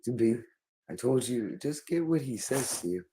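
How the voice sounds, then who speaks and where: A man with a mellow, mid-range voice and lively intonation speaks at a moderate pace over slight background noise. Addressing the listener directly in a rambling monologue, he sounds urgent and pleading and repeats the same phrases again and again.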